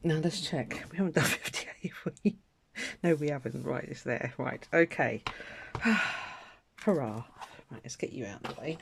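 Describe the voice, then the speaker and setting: A woman's voice: rumbling low, measured pace, creaky, a little hiss or hum. Chatty woman colouring. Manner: chatty and self-mocking, with little laughs and mutters to herself. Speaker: colouring vlogger. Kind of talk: casual chat while colouring.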